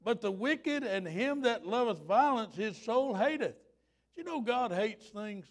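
A high-pitched man in his fifties preaches with folksy fervor. His voice swoops widely, and at its peaks he breaks into shouts. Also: animated, measured pace. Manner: fervent, folksy, rising to shouts. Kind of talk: revival sermon.

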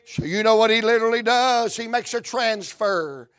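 Fervent high-voiced Southern preacher. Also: male voice, a little slow, hardly any pauses, no room sound, clean studio sound. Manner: fervent, swings from hushed to shouting. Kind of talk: revival sermon.

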